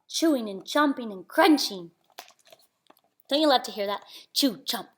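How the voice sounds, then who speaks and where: A woman reading a children's picture book aloud in a lively, unhurried way, often dropping to a hush. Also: fairly high pitch. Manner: animated, slow, dropping to whispers at refrains. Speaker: storybook reader.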